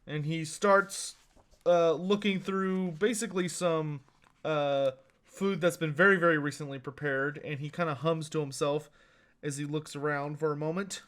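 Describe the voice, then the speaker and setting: A man's voice: fairly high pitch, fairly even intonation, normal speed, a bit bright. A man running a tabletop game as game master, narrating with lots of hesitation and fillers.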